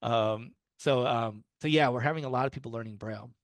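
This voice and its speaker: A man's voice: mid-range voice, brisk, dry recording. A man speaking casually to a small group, telling stories with lots of fillers and restarts. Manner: friendly storytelling with fillers and restarts. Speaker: guest speaker on low-vision resources.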